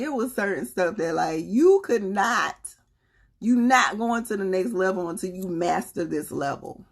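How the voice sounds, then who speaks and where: A woman's voice: medium pitch, expressive, unhurried, vocal fry. A woman with a Southern US accent hosting a live stream, talking with viewers in an earnest, preachy and colloquial way. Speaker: livestream host. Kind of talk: casual live chat with viewers.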